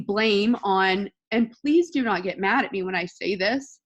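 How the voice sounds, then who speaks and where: A woman's voice: mid-range voice, measured pace, hardly any pauses, lo-fi sound. Tearful blunt woman on a video call. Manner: blunt, swearing, emotional and pleading. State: crying. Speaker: motivational speaker. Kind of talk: motivational talk on a video call.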